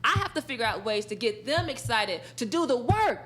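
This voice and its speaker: Woman, esports sportscaster and teacher, chatty interview guest, bright laughs, plays out the dialogue. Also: on the high side, fairly quick, a little hiss or hum. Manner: animated, laughs often, acts out quoted dialogue. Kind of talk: casual storytelling in an interview.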